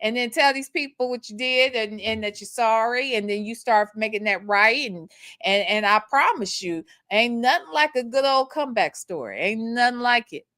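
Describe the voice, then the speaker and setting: Lady ranting on her livestream, bright sharp voice, keeps saying okay, swears a lot. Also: fairly high pitch, expressive, normal speed, no echo, clean studio sound. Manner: emphatic and repetitive, profane, keeps adding "okay?". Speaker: host. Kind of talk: casual commentary livestream reading chat.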